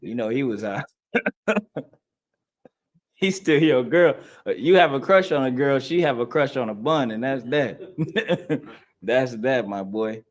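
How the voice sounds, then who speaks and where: A man teaching a scripture class in a forceful, preaching style, repeating his points and laughing between them. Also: medium pitch, animated, a little slow, pauses often.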